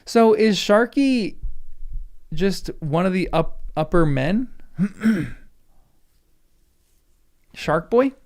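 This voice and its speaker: A man reading a novel for the first time, musing and reacting excitedly between passages. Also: high voice, very slow, pauses often. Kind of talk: casual reaction commentary.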